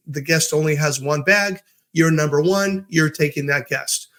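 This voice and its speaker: A man's voice: fairly high pitch, a bit bright. A man hosting his own podcast, giving a casual, upbeat motivational talk and telling stories with fillers and restarts. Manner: upbeat, storytelling with acted quotes. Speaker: podcast host.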